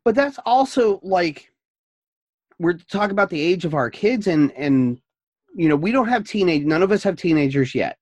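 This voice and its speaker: A man with a somewhat high voice chats on a podcast, telling animated stories about his young kids. The sound is close and dry, with no room around it. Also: moderate pace, no echo, muffled recording. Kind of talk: casual chat.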